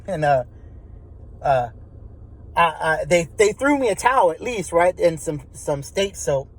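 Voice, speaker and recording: A man's voice: fairly high pitch, very animated, unhurried, rough recording. A man telling a story casually, profane and rambling with many restarts. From Texas.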